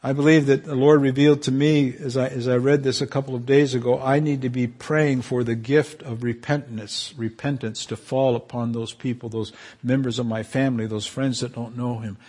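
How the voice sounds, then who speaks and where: A man preaching a sermon as pastor, fervent and emotional, with his voice climbing high at moments of feeling. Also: flat delivery, normal speed, hardly any pauses, a little mellow, husky.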